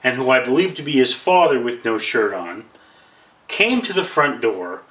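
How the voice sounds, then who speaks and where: A man's voice: medium pitch, sing-song, normal speed, fairly bright tone, roomy sound, far from the mic. A man vlogging to camera in a rambling, self-deprecating way, telling a story and musing about his work helping people. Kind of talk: casual monologue to camera.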